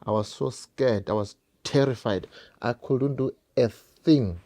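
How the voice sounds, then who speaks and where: A man's voice: mid-range voice, a little slow, dark tone. A South African man telling a painful personal story straight to his viewers, repeating phrases and calling them guys. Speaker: vlogger.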